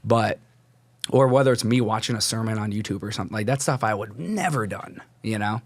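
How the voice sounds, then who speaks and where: Speaking briskly in a fairly low voice with no echo, a young man gives casual testimony on a podcast. He rambles through his faith story, restarting often and leaning on "like."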